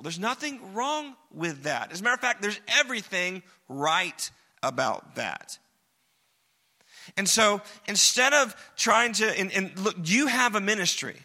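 A man preaches a sermon in a very bright, high voice. His delivery is casual and joking, and he drives points home by repeating them. The sound lingers in a large reverberant church hall. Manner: conversational, joking, emphatic repetition. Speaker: pastor.

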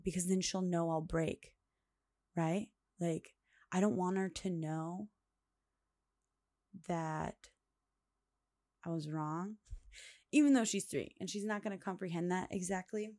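A woman's voice: fairly low pitch, normal speed, a little mellow, no room sound, clean studio sound. A young adult woman hosting a podcast on her own, rambling through a casual chat full of fillers and little laughs, recorded at home late at night. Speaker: podcast host. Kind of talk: casual solo monologue.

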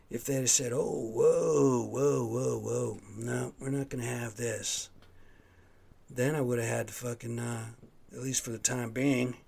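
A man's voice: mid-range voice, creaky. A man hosting his own podcast, telling a rambling, profane story in a casual, worked-up way. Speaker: podcast host. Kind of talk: casual solo monologue.

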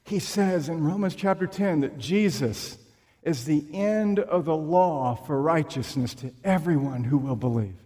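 A man preaching a sermon in a church, slow and emphatic, with dramatic pauses. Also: a little high, dark tone. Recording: long reverb of a large room.

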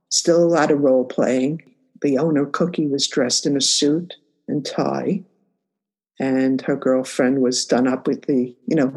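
Older woman, reflective personal storyteller, chatty and unhurried recollections. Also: deep voice, a little mellow, breathy edge. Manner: reflective, conversational, frequent "you know". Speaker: interviewee.

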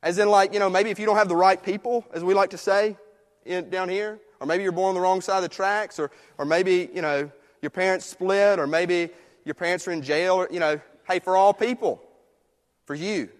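A man's voice: high-pitched, fairly even intonation, moderate pace. Man preaching in an echoing hall. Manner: conversational preaching, swings from hushed to emphatic. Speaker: pastor. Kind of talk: sermon. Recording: long reverb of a church hall.

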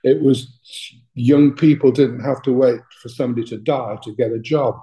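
An older Englishman speaks with a soft, mellow tone and an English accent. He tells blunt, colourful stories about his years in music management. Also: mid-range voice, fairly even intonation, normal speed, muffled recording. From England. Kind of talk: interview anecdotes.

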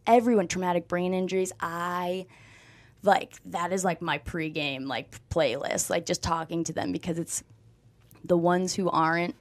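A young woman, formerly a college softball player, tells her story as a guest on an interview show with lively energy and a fairly low voice. She acts out what people said, says "like" often, and the recording has no echo.

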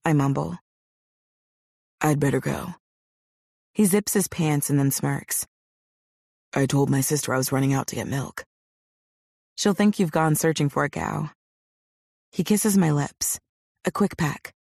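A woman voicing a young man, a tender and eager lover, with a husky, hushed voice in an audiobook. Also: sits low, measured pace, long pauses, dry recording, studio quality, full character voice. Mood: breathless. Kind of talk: audiobook character voice.

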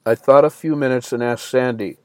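A man's voice: medium pitch, fairly even intonation, brisk, dry recording. A man reading a first-person story as an audiobook narrator, in a plain storytelling manner that lifts slightly for quoted lines.

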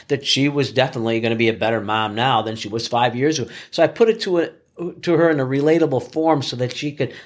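Plainspoken middle-aged tradesman, earnest, casual storytelling. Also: mid-range voice. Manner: earnest, plainspoken, often restarts phrases. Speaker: flooring contractor guest.

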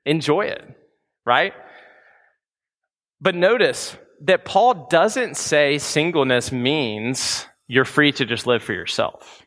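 A young man delivers a sermon in an easygoing, conversational manner, dropping in fillers and everyday slang. His voice is fairly high for a man and bright, with a forceful edge. The sound carries the long reverb of a large hall. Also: slow. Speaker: preacher.

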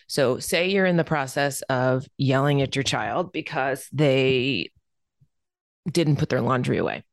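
A woman's voice: low voice, dry recording, studio quality. A woman hosting a self-help podcast, talking listeners through changing their habits in an earnest, encouraging way. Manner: emphatic repetition for stress. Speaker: podcast host.

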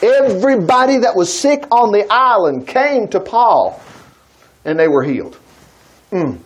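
A man's voice: sits high, big pitch swings, measured pace. A man preaching a conversational sermon, reading scripture aloud and breaking off into chatty, folksy asides.

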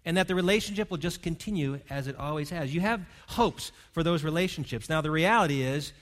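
A man's voice: fairly high pitch, a little fast, a bit bright. A man preaching a sermon as pastor, earnest and pastoral, leading his congregation in prayer and reading. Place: church hall.

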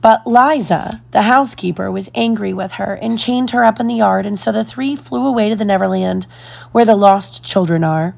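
A woman voicing a gentle but firm, motherly young girl in a storybook reading. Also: medium pitch, normal speed, vocal fry.

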